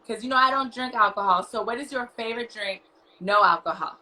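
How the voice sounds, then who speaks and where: A woman's voice: on the high side, brisk, sharp tone, low-quality recording. An American woman hosting a podcast, upbeat and teasing as she interviews a guest. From United States. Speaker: podcast host. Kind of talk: casual video interview.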